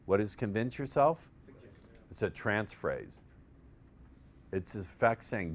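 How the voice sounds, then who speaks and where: A man's voice: on the low side, big pitch swings, slow, long pauses. A man presenting a live seminar on persuasion, playful and profane, quizzing his audience with questions.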